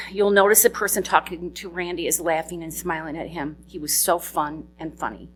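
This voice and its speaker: A middle-aged woman with a notably low voice delivers a eulogy for her husband at a memorial service. She tells fond, humorous stories about him and laughs through tears now and then. A faint hum runs underneath the recording. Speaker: widow giving a eulogy.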